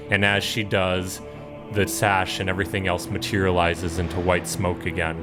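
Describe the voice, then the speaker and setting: Guy running a tabletop game, lowish voice, calm storyteller, soft music behind. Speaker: game master.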